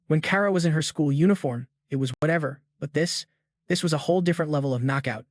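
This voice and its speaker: A man's voice: fairly high pitch, fast, dry recording, clean studio sound. A man narrating a comic story recap in a casual, slangy way.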